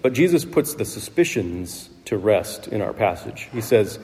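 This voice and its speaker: A man preaching a sermon in a relaxed, conversational way, with asides to the congregation. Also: lowish voice, normal speed, hardly any pauses. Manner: conversational, with asides and light laughs. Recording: long reverb of a large hall.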